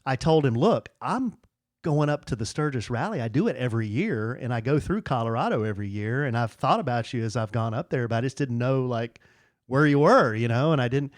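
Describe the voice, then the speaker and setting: A man's voice: mid-range voice, a little fast, no echo, studio quality. Chatty middle-aged man telling a story. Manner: rambling, restarts with fillers, animated when quoting friends. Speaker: podcast co-host. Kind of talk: casual storytelling chat.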